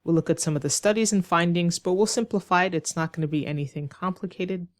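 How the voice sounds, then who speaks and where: Woman, ESL teacher, low pitch, dry recording, clear teacherly explaining. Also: no room sound. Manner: clear, slow, teacherly explanation with rhetorical questions. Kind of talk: online English lesson.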